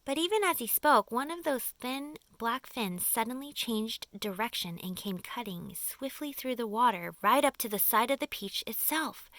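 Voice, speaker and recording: A woman's voice: fairly high pitch, pushed and bright, no echo. A woman reading a children's audiobook expressively, dropping to a whisper for suspense. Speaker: audiobook reader.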